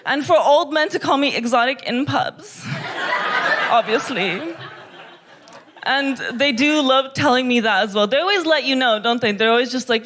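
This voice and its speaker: A woman's voice: fairly high pitch, lively intonation, moderate pace, fairly bright tone, slight background noise. A woman from Kazakhstan performing a stand-up comedy set, full of sarcastic, mock-gushing irony. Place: comedy club.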